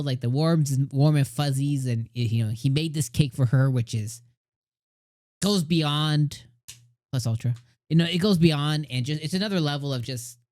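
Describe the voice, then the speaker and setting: A man's voice: mid-range voice, darkish tone, no echo, clean studio sound. Gushing middle-aged man reviewing anime. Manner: gushing, rambling with many fillers. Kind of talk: casual review commentary.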